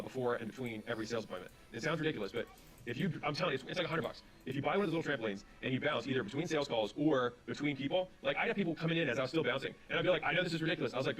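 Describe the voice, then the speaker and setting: A man speaking on business and sales, telling stories with quoted back-and-forth dialogue, then giving advice. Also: mid-range voice. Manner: rapid, animated retelling with quoted dialogue. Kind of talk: storytelling advice talk.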